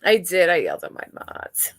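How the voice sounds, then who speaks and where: A woman's voice: on the low side, huge pitch swings, normal speed, dry recording, studio quality. A middle-aged woman hosting a livestream and chatting casually with viewers, rambling and candid, with many fillers and restarts. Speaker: livestream host. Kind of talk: casual chat with live chat viewers.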